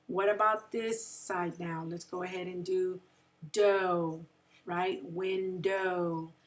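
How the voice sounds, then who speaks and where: A woman teacher walks young children through a phonics lesson at an unhurried, deliberate pace. She drags out each example word and keeps checking in with "right?" Her voice sits a little back from the microphone. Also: on the low side, steady tone, recorded from a distance. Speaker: second grade teacher.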